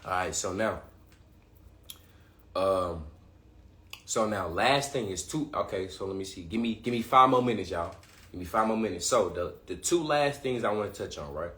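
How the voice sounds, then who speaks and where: A man hosting a livestream, talking excitedly in casual slang, often restarting and repeating himself. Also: lowish voice, moderate pace, echoey room. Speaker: livestream host. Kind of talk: live-streamed talk to viewers.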